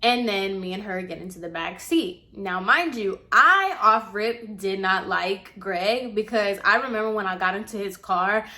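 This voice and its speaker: A woman's voice: mid-range voice, measured pace, hardly any pauses, bright, forceful tone. A young adult woman vlogger retelling a personal story in casual, chatty storytime style, with many fillers.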